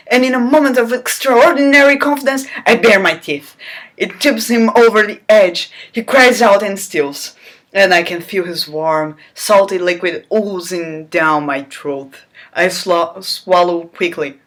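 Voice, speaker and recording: A woman doing a comic, mock-dramatic reading aloud, her delivery exaggerated with big swings in pitch and loudness. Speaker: comic reader.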